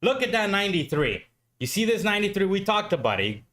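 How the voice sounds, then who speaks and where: Bright-voiced exasperated trading streamer, man. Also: sits high, very animated, quick pace. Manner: exasperated, talks to himself, swears, pleads with the market. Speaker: live futures trading streamer. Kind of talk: live trading commentary to viewers.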